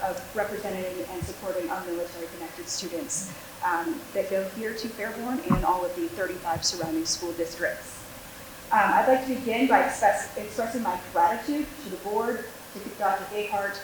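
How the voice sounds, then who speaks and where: A woman's voice: mid-range voice, steady tone, normal speed. A middle-aged woman giving a prepared address at a school board meeting, projecting her voice like a teacher. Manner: projecting teacher voice without a microphone. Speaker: military school liaison. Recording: very echoey room, faint hiss.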